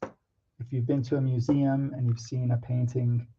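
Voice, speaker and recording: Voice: medium pitch, level tone, measured pace, warm tone, dull audio, slight background noise. An artist talking casually to camera about drawing, hesitant and nervous, with many ums and restarts and some self-mocking asides.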